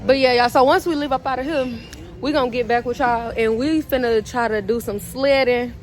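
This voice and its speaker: A woman's voice: fairly high pitch, steady tone, a little fast. A young woman talking casually to her viewers in a family vlog, chatty and laughing often, filmed on a handheld phone. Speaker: vlogger. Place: outdoors in snow and at home. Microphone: handheld phone camera.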